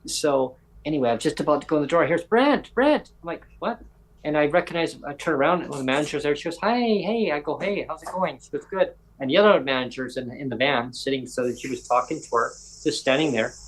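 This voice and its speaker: Animated man telling a story. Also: a little high, fast talker, poor audio. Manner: animated, acts out other people's lines in quoted voices. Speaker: podcast host. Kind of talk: casual storytelling chat.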